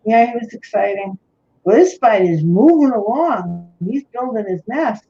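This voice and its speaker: A woman's voice: fairly high pitch, expressive, measured pace, mellow. A woman with a New York accent, chatting casually with friends during a livestream. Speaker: livestream co-host. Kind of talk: casual chat. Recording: lo-fi livestream audio.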